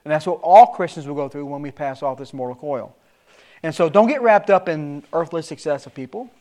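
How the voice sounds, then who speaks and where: A middle-aged man preaching a sermon with emphatic rises and sudden soft asides. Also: a little high, brisk.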